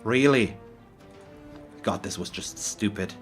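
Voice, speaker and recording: A man's voice: lowish voice, takes it slowly, faint music behind. A man commentating his own game as host of a let's play, talking in a frustrated, openly salty way with frequent sighs. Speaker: gaming channel host.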